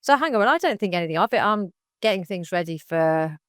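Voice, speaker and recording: A woman's voice: fairly low pitch, fast talker, no room sound, studio quality. A woman, a guest on a podcast recounting her story and acting out other people's lines as she goes. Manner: animated retelling that acts out other people's lines. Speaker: interview guest.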